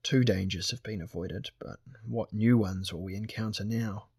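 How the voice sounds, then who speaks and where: Man reading a wary young archer, brooding, earnest, low husky voice, dry sound, storybook. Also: steady tone, moderate pace, darkish tone, no echo. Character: weary young male archer, wary and gloomy.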